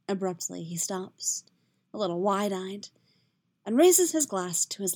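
A woman reading a story aloud in a soft, steady, intimate narration. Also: mid-range voice, a little slow. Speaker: reader. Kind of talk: audiobook-style fiction reading.

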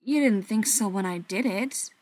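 Woman reading as a gentle soft-spoken male vampire. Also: mid-range voice, dry recording, natural voice. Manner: soft and slow, near a whisper.

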